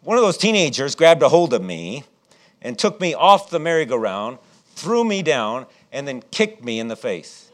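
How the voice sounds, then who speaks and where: A middle-aged man preaching a sermon and telling a childhood story, animated and acting out what people said. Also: mid-range voice, moderate pace. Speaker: pastor.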